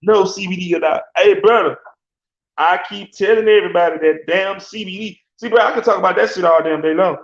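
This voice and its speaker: A man rambles through a casual sports rant, full of slang and quick laughs. His voice is gravelly and sits slightly high. The recording is roomy and echoey, with a muffled, lo-fi tone. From Alabama. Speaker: sports talk host. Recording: echoey room, dull lo-fi sound.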